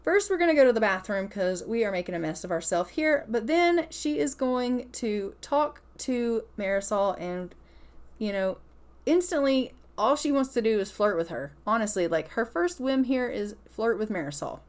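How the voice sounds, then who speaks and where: A woman's voice: a little high, expressive, moderate pace. Chatty woman narrating her gameplay. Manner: casual, chatty, acts out both sides of dialogue. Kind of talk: let's play commentary voicing characters.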